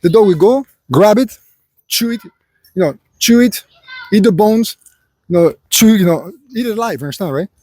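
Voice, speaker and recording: Rambling, preachy man with a husky voice. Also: high-pitched, animated, moderate pace, mellow. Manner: rambling, heavy with filler phrases; preachy, lecturing the listener as "son". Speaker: vlogger. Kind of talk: unscripted personal monologue.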